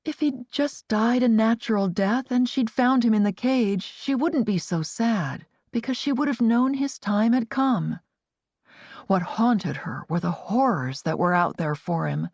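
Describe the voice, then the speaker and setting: A woman narrating an audiobook in an expressive, varied read. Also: on the high side, a little slow, dry recording, clean studio sound.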